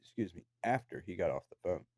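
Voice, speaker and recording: A man's voice: low-pitched, expressive, fast, darkish tone, no room sound. A man delivering an angry, profane, accusatory rant to the camera from his own room downstairs in a house. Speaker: vlogger.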